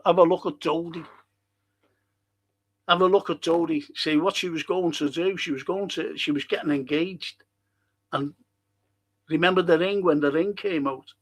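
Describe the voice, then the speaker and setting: Foul-mouthed ranting podcast host. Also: male voice, on the high side, a bit bright. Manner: heated, swears constantly, fires off rhetorical questions. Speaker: podcast host reading live chat comments. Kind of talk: profane livestream rant.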